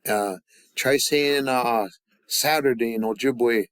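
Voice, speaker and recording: A man at an even, middle pitch teaches a classroom lesson at an unhurried pace. He leads call-and-response drills and often stops to restart his sentences. The sound is dry and close. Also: no room sound. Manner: halting, with many fillers and restarts. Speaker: language teacher.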